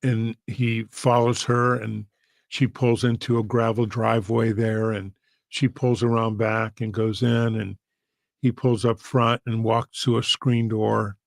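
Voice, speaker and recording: Earnest gravelly male pastor storyteller. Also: mid-range voice, flat delivery, unhurried, no echo. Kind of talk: storytelling sermon.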